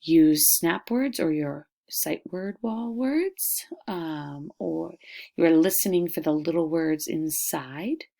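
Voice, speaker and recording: A woman teaching a lesson to young children, stretching words out slowly and sounding them out in an encouraging classroom voice. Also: low voice, vocal fry. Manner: slow, drawn-out syllables, modeling sounds out loud.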